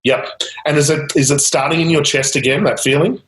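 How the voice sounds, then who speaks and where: A man's voice: a little high, steady tone, brisk, a bit bright, roomy sound, poor audio. A man leading a live coaching demonstration, guiding a client with repeated prompts and light laughter. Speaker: change-technique coach.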